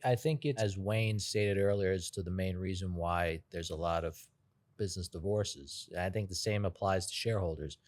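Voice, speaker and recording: Male lawyer, very deep, dry close sound, hammers key legal requirements. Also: moderate pace, no echo. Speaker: business lawyer. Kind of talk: panel discussion.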